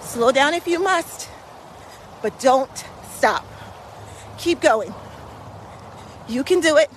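A woman pacing listeners on a brisk outdoor walk in a park, slightly breathy from walking, with encouraging, repetitive coaching cues. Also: sits high, lively intonation, slight background noise, rough recording. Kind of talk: motivational workout vlog while walking.

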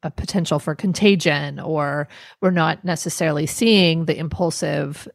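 Gravelly-voiced woman therapist. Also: low-pitched, moderate pace, no echo, studio quality. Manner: thoughtful, searching for words, many restarts. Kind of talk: professional podcast conversation.

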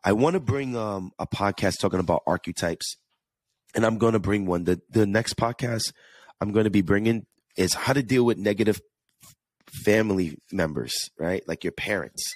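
A man's voice: fairly low pitch, normal speed, no echo, clean studio sound. A man with a New York–New Jersey accent hosting a casual solo podcast, chatty and earnest, often restarting and repeating words. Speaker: podcast host.

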